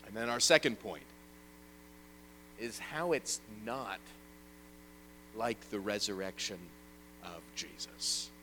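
Male preacher, bright and forceful tone, slightly low pitch, earnest, faint hum behind. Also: rough recording. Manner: earnest, swells loud then drops soft. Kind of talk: sermon with scripture reading.

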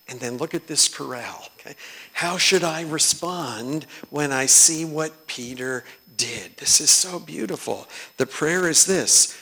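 A man teaching a text study, his voice bright and clear. He reads each passage at an unhurried, deliberate pace and thinks aloud between the readings, with plenty of ums. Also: a little high, animated. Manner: slow, reflective reading with frequent fillers. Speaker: teacher leading a study of a sacred choral work. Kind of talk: guided lesson reading texts aloud.

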